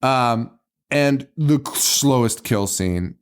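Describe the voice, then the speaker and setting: A man co-hosting a podcast casually recaps a movie in a smooth, medium-pitched voice, taking his time. He laughs a lot, swears, and retells scenes with mock quotes.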